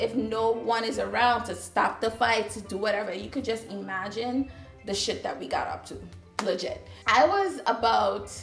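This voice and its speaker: A woman's voice: on the high side, a bit bright, roomy sound. Chatty Trinidadian woman telling a story. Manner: chatty, sassy storyteller with asides to viewers. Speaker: vlogger. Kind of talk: casual storytime.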